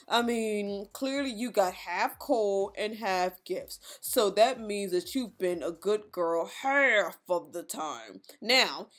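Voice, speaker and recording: A woman's voice: mid-range voice, voice pushed down. A woman voicing Santa as a stern, preachy old man in a game role-play. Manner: preachy, lecturing. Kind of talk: Roblox role-play voiceover.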